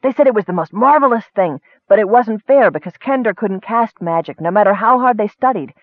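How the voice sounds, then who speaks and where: An eager, rambling kender, put on by a male audiobook narrator. The voice sits high and bubbles with naive excitement. It is heard through a thin, phone-like band. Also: a little fast, dry recording. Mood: excited. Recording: tinny phone-like sound.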